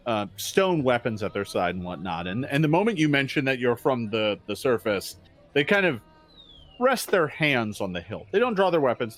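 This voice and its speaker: A man's voice: medium pitch, fairly bright tone. A man running a tabletop game as game master, narrating in a rambling way with many fillers and restarts.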